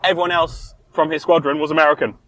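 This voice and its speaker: A man co-hosting a casual podcast chat, animated and sweary, acting out quotes in mocking voices. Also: a little high, fast talker, a little hiss or hum, low-quality recording. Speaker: podcast co-host.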